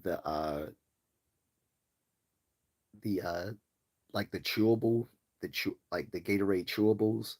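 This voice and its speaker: A man from Baltimore hosting a casual livestream, reading chat comments aloud and rambling with many fillers and restarts. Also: low-pitched. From Baltimore, US East Coast. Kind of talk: casual live-stream chat.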